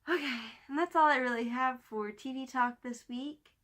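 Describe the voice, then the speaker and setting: A woman's voice: high-pitched, normal speed, fairly bright tone. A woman hosting a casual weekly TV review vlog, talking in an enthusiastic, rambling way with restarts and fillers, sometimes dropping almost to a whisper. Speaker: TV review vlogger.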